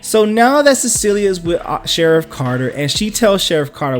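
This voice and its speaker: A casual comic book recapper tells the story in loose slang and throws in jokes. The voice swings widely in pitch, with faint music playing behind. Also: moderate pace, few pauses. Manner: slangy, animated, jokey.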